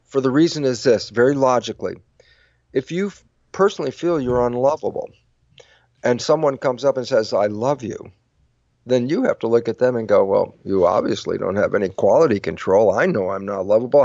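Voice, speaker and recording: An older man with a gravelly, mid-pitched voice talks through his ideas as an interview guest. He acts out both sides of imagined dialogues as he goes. The audio is dry and slightly muffled. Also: lively intonation, a little fast, a little mellow, no echo. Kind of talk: animated interview talk.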